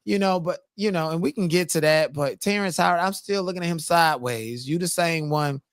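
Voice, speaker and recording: A man's voice: on the high side, a little fast, clean tone, dry recording, studio quality. A man co-hosting a casual chat, explaining points in detail and arguing his view. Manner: explanatory, argumentative, legal jargon. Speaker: co-host.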